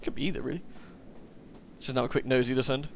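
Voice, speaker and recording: A man's voice: medium pitch, fairly even intonation, quick pace, creaky, slight background noise. A man giving casual let's-play commentary, chatty and self-mocking as he thinks aloud.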